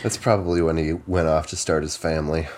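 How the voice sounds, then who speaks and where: Deep-voiced man with wry asides. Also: fairly even intonation, fast, a little mellow. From Minnesota. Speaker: podcast co-host. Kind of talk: casual chat.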